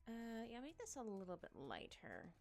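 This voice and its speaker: A woman streamer with a fairly high voice and vocal fry chats while she draws live, humming and thinking aloud. Her pitch swings hugely at a moderate pace, and faint music plays in the background.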